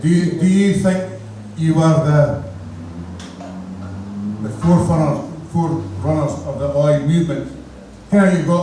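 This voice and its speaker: A man interviewing a guest on stage, asking casual, halting questions. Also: on the high side, warm tone, slight background noise. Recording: echoey venue from far off.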